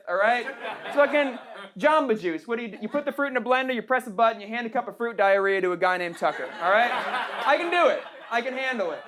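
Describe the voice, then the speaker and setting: A young trans woman doing a sarcastic, punchy stand-up comedy set on a small club stage. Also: on the high side. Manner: brash, sarcastic, punchy delivery with frequent "right?" tags. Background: audience laughter.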